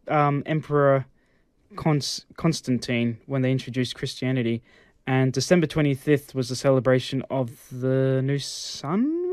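A man's voice: medium pitch, a little mellow, no echo, studio quality. A man in a casual chat, ranting crudely and with lots of energy. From Australia.

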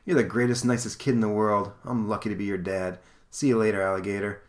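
A man's voice: fairly low pitch, flat delivery, fast talker, close to an everyday voice. A man voicing a timid, overworked clerk and father in a comic he reads aloud. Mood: warm. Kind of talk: comic read aloud on a podcast.

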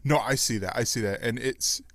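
A male podcast host in loose, casual chat, rambling and quick to laugh. His voice sits at a middle pitch. The recording is dry and close. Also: a bit bright, dry recording.

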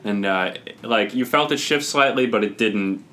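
A man acting as game master, setting the scene slowly and carefully for his players. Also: fairly low pitch, pushed and bright, slight background noise. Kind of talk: narrating a tabletop game.

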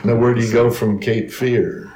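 A man's voice: mid-range voice, flat delivery, moderate pace. Man, roomy echo, faint hiss, casual chat, dry wisecracks. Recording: roomy echoey room.

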